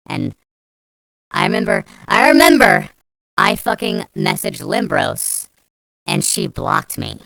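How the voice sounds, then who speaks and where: A woman with a low, smooth voice tells a storytime rant, swearing heavily and restarting her sentences as her anger builds. The sound is dry and close, with no room around it. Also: lively intonation, slow pace, a bit bright, dry recording. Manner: angry, profane, rambling with restarts. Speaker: vlogger.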